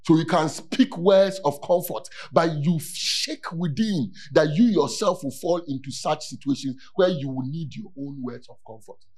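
A man preaching a sermon in an animated way, repeating key words and rising to near-shouts for emphasis. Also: fairly high pitch, unhurried, few pauses.

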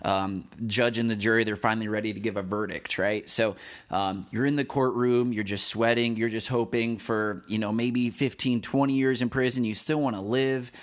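A man's voice: fairly low pitch, steady tone, moderate pace. A man hosting a devotional podcast, talking casually to the listener in a rambling way, with many fillers and restarts. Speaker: podcast host.

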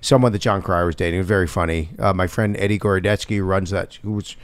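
A middle-aged man, an actor guest, chatting casually on a podcast and telling animated stories with quick asides. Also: deep voice, dry recording.

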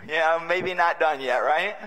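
A man delivering a sermon as a bishop, with a somewhat high, very bright and forceful voice. He is wry and humorous, dropping to a hush and then rising again. The sound carries the long reverb of a large conference hall. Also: unhurried. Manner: wry, humorous, swings between loud and hushed. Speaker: bishop preaching.

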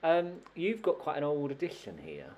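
A man co-hosting a casual book podcast, teasing his co-host and throwing in quick questions. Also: on the high side, wildly swooping pitch, a little mellow, muffled recording.

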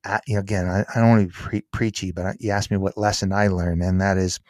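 A man's voice: low voice, level tone, fast talker, darkish tone, no echo, studio quality. Earnest man in podcast interview. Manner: earnest, emphatic, acts out quotes. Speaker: author and guest.

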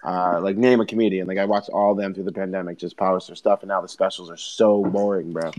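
A man co-hosting a casual podcast chat, an animated storyteller who swears freely. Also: deep voice, fast talker. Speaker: podcast co-host.

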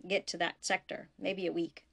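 A woman's voice: fairly low pitch, little pitch movement, moderate pace, gravelly. A woman reading the lines of a dignified older male captain. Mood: measured.

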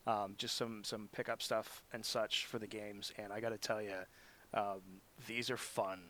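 A man talking casually as a podcast guest, an animated storyteller who laughs often. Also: on the low side, normal speed, slight background noise. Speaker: podcast guest, tabletop channel co-host. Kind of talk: casual chat.

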